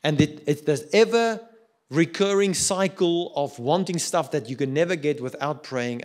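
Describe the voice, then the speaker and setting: A middle-aged man with a South African accent preaching a sermon, swinging between loud urging and quiet reflection. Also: a little high, moderate pace. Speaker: pastor.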